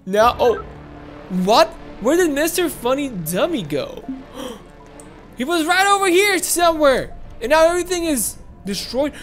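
A woman host giving excitable let's-play commentary on a game, talking to her viewers and repeating words when things get tense. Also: high-pitched, unhurried, faint music behind. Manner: excitable, talks to viewers as "guys", shrieks and repeats words under pressure. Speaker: gaming channel host.

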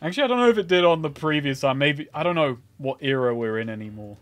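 A man's voice: a little high, lively intonation, fast talker, a bit bright, dry recording. A man hosting a casual stream chat, making dry, self-deprecating jokes. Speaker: streamer host.

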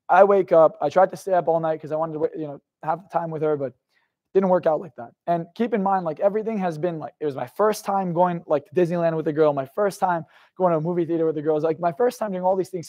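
A young man with a slightly high-pitched voice gives a live motivational talk. He tells a raw personal story with intensity and swears freely. He keeps turning to the audience with questions. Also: a little mellow. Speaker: motivational speaker.

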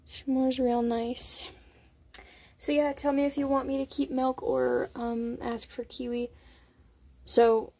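Woman pet vlogger, high, slow delivery, giggly coaxing chat, phone mic indoors. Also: lively intonation, warm tone. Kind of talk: casual vlog talking to pet rats. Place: indoors at a rat cage. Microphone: phone held up while filming.

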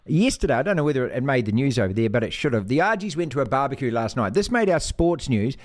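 A man hosting a radio show, bantering casually with a jokey, animated manner and bursts of mock outrage. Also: medium pitch, fast talker. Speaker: radio host.

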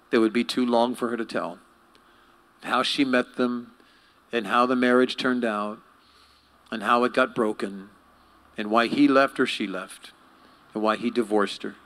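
In an animated sermon, a male pastor with a medium-pitched voice keeps putting questions to his congregation.

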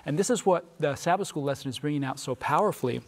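An earnest man with a voice pitched a little above the usual, teaching a Bible lesson in a preaching style. He reads scripture aloud with emphasis and asks his listeners questions. His delivery is steady and heartfelt. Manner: pauses for listeners' responses. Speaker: Sabbath School panelist.

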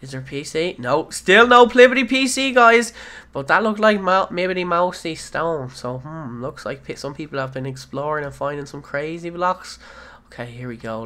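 A man hosting a gaming video, giving playful let's-play commentary that bursts into excited shouts and silly made-up rhyming words. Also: a little high.

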